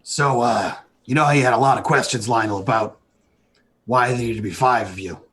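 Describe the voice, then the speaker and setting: A man playing a tabletop game, talking calmly with some hesitation. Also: mid-range voice, fairly quick, husky. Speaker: player. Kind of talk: casual tabletop play.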